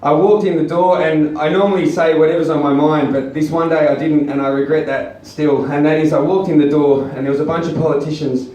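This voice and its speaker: A man's voice: fairly high pitch, fairly even intonation, a little fast, hardly any pauses, mellow. A man doing stand-up, rambling through a crude, self-mocking story with many ums and uhs. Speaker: stand-up comedian. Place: small comedy venue, audience laughing. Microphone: far camera. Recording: echoey room, taped from far off.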